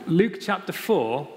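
A man preaching a sermon, stressing key phrases and repeating them slowly. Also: high voice, a little mellow, long reverb tail, a little hiss or hum. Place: church.

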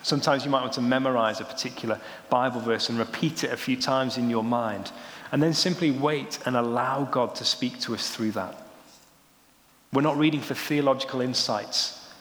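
A young adult man preaching a sermon, with animated storytelling and a lively manner. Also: mid-range voice, normal speed. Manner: animated storytelling, rising excitedly when joking. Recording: roomy hall with long reverb.

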